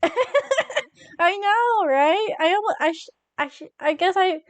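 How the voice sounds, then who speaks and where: A woman's voice: very high-pitched, animated, takes it slowly, no echo. A young woman streaming from home, chatting casually with her viewers and giggling constantly.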